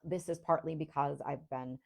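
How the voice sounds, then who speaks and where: An American woman from Rhode Island, hosting a coaching podcast and teaching in a slow, deliberate, articulate way. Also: deep voice, fairly even intonation, creaky. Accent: neutral American, Rhode Island traces on a few words. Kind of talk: teaching monologue.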